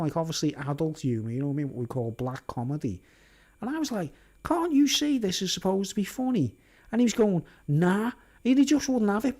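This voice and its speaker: Rambling man, slightly high voice. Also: darkish tone. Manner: rambling, filler-heavy, laughs often. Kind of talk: rambling casual monologue.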